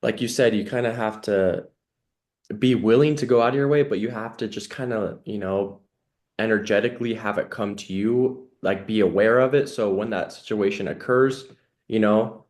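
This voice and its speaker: A man's voice: on the low side, moderate pace, darkish tone. A man hosting a podcast, talking in an earnest, reflective way with many "you know" fillers. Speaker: podcast host. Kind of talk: casual conversational interview.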